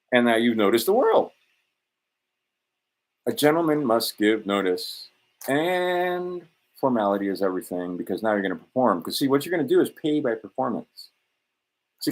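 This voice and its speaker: Guy rambling to camera, cussing a lot, cocky, all over the place. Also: fairly low pitch. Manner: profane, digressive, self-assured. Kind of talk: rambling monologue.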